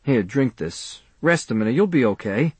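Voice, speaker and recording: A man voicing a gruff older barber who is suspicious and curt. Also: medium pitch, animated, moderate pace, no echo. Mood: concerned.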